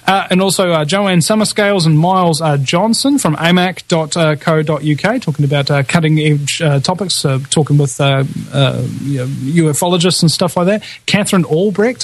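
A man's voice: on the high side, moderate pace. A man hosting a podcast, casually running through past guests in a rambling way, with lots of fillers and chuckling asides. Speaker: podcast host.

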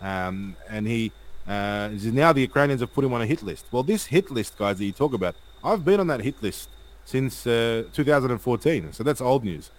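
On a low-quality recording, a man hosts a live stream with an expressive, medium-pitched voice. He reads viewer comments aloud and rattles off points in rapid, repetitive lists full of hesitant fillers.

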